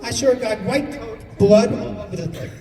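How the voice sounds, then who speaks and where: A man from New York doing a stand-up comedy set on stage, exasperated and acting out people in quick bits. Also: very high-pitched. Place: stage in a large hall with a live audience. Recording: distant, echoey hall with crowd laughter.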